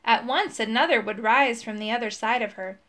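A woman reading a children's adventure story aloud in a clear, expressive voice. Her tone sits a little high and keeps an even storytelling pace. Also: a little fast. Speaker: storybook reader.

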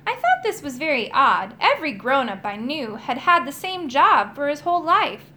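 A woman reading a children's chapter book aloud in an expressive storytelling style. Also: high-pitched, moderate pace, hardly any pauses. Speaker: audiobook reader.

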